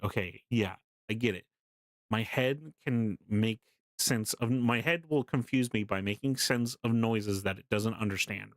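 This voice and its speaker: A man's voice: medium pitch, no echo, studio quality. Laughing, swearing young streamer man. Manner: animated and swearing, laughing often while telling the story. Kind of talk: casual storytelling to a live stream chat.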